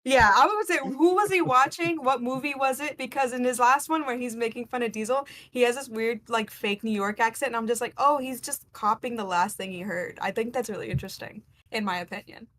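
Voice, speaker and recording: Brief: female stream guest from England, casual chatty delivery, slightly high voice. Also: brisk, hardly any pauses, a bit bright. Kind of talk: casual chat.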